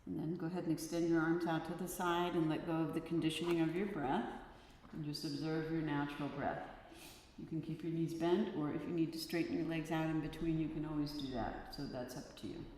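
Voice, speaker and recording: Low-voiced woman guiding breathing in a hall. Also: brisk, a little hiss or hum. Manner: calm, soothing instruction with counted breaths. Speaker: yoga teacher. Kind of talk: guided breathing class. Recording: echoey hall with long reverb. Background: soft instrument tones.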